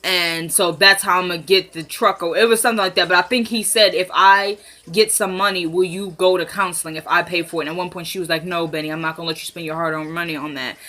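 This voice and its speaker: A woman chatting casually as she recaps a TV episode, retelling scenes with quick voiced quotes. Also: fairly low pitch, fairly even intonation, pushed and bright. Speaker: TV recap vlogger.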